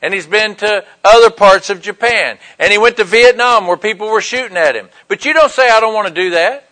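Middle-aged male preacher, high and bright, sermon delivery, acts out quotes within his stories. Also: fairly quick, poor audio. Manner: storytelling with acted-out quotes.

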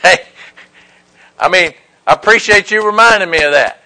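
Middle-aged male preacher, high and bright, sermon delivery, acts out quotes within his stories. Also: moderate pace, low-quality recording. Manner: storytelling with acted-out quotes.

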